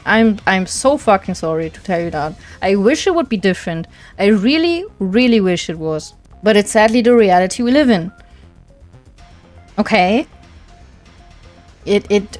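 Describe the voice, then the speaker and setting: Slow-talking young woman streamer ranting. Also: medium pitch. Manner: animated, swearing, emphatic. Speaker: VTuber streamer. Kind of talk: casual ranting chat.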